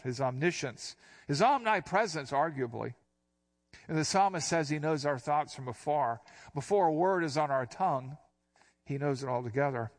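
A middle-aged man giving a conversational Bible teaching, walking through verses with relaxed asides and repeated phrases. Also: mid-range voice.

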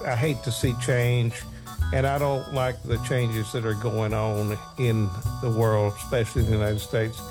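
A man's voice: medium pitch, little pitch movement, moderate pace, over music. A middle-aged man co-hosting a radio show, chatty and opinionated as he tells stories. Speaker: radio co-host. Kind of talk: casual radio chat.

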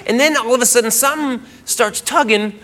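A man doing a stand-up comedy routine, telling a story with acted-out quotes and bursts of shouting. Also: very high-pitched, a little fast. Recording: live club with loud crowd noise.

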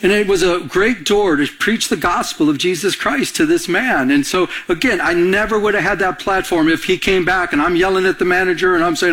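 A male preacher telling a story in a sermon, acting out both sides of the dialogue in an animated way. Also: high-pitched, moderate pace, hardly any pauses.

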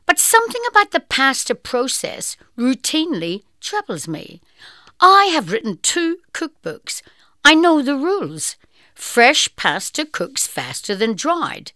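A woman reads a magazine food column at a slow pace. Her voice is bright, and her pitch moves a lot. The recording is close and dry. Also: no room sound. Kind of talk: reading a first-person column aloud.

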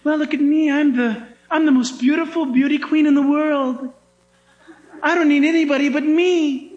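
A man voicing a self-absorbed beauty queen woman, speaking in a haughty, dismissive way, a bit higher than his own voice. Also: steady tone, moderate pace, a little mellow, lo-fi sound. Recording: echoey room.

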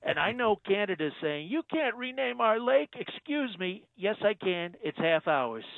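A man's voice: high-pitched, very animated, moderate pace, vocal fry, no echo, full character voice. A man playing a boastful older US president in a comedy radio bit, bragging in short punchy sentences over a phone line. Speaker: caller. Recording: tinny phone line, dry.

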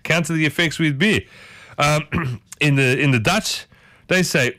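Unhurried yet pushed and bright, his slightly high voice carries no echo. The man is hosting breakfast radio in a folksy, chatty style, firing rapid strings of questions at his audience.

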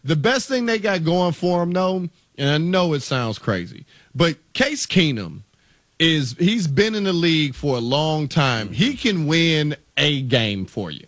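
A man's voice: fairly high pitch, measured pace, dry recording, studio quality. Laid-back male sports radio co-host. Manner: relaxed and joking, many fillers. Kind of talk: casual sports radio talk.

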